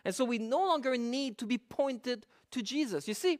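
Reading scripture slowly and leaning on key words, this Bible teacher delivers a verse-by-verse sermon and explains through rhetorical questions. The voice is medium-pitched with lively intonation.

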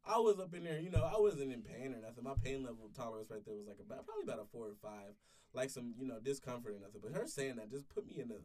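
Man, 20s, casual storytelling, swears a lot, restarts often, a little distant from mic, average pitch. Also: very fast, mellow. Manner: rambling, profane, with many restarts. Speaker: podcast storyteller. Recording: voice sits back from the mic.

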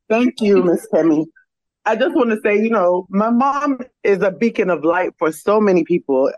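A woman's voice: mid-range voice, no room sound, rough recording. Earnest young woman, rambling tribute. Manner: earnest, rambling, lots of "you know". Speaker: guest's daughter. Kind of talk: heartfelt tribute on a video call. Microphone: video call.

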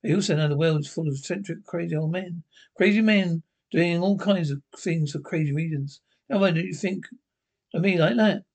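A man's voice: fairly high pitch, a little fast, vocal fry, a little mellow. An actor playing a sly old male devil who poses as an eccentric man, coaxing and mock-polite in a TV drama. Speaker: newspaper typesetter. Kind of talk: TV drama acting.

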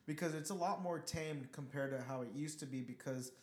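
Higher-voiced man chatting in an echoey room. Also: a little fast. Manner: easygoing, joking back-channel replies. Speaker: podcast host. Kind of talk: casual chat.

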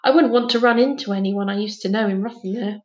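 A woman reading aloud, voicing a kindly, soft-hearted Scottish father with homely phrasing. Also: medium pitch, quick pace, roomy sound, dull audio, close to an everyday voice. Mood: reluctant. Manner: rueful, homely Scots phrasing.

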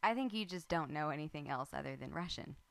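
A woman's voice: sits low, lively intonation, quick pace, creaky, dry recording. A woman co-hosting a podcast, teasing her co-host with laughter and swearing in casual chat.

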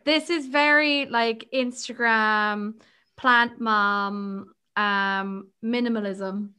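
A young woman co-hosting a casual book podcast, chatty and quick to laugh, with lots of fillers. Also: a little high, steady tone, pushed and bright, clean tone. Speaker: podcast co-host.

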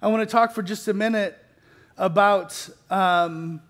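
A middle-aged man with a fairly high voice delivers a sermon as a pastor. He talks casually and pokes fun at himself, with easy restarts and a chuckle here and there. Then he leans into points with earnest emphasis. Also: unhurried, fairly bright tone. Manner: conversational, self-deprecating, with restarts and light laughs.

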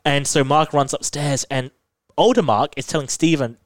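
Animated man recapping a show. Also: a little high, normal speed, no echo. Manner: animated, detailed retelling. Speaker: podcast co-host. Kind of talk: casual chat recapping a TV episode.

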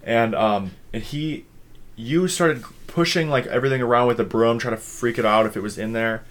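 A man's voice: medium pitch, moderate pace. A young man from Minnesota, a podcast co-host, telling a rambling story in casual chat, swearing freely and using many fillers.

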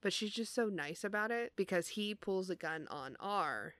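A woman's voice: medium pitch, animated, normal speed, fairly bright tone, no echo. A woman co-hosting a casual movie podcast, teasing and sarcastic as she comments on scenes. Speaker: podcast co-host. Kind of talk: casual movie recap chat.

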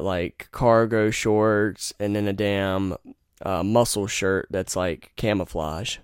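A man's voice: fairly low pitch, a little mellow, smooth, no room sound, studio quality. A young man hosting a podcast, telling rambling, profane stories and giving blunt opinions in a casual monologue. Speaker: podcast host.

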